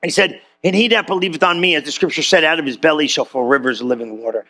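A man preaching a sermon as pastor, chatty and teasing, full of rhetorical questions and repeated phrases, dropping low and soft when quoting scripture. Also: fast talker.

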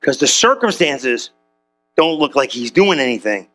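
A man preaching as a pastor, telling a story with slang and acting out every voice in the dialogue. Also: normal speed. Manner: animated, slangy, acts out dialogue with big pitch jumps. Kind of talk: comedic storytelling sermon.

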